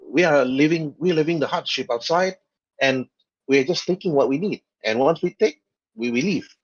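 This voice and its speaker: A man's voice: on the high side, lively intonation, moderate pace, muffled recording, voice pushed up, lightly acted. A man voicing small, defiant scavenging Jawas who talk in broken, clipped speech.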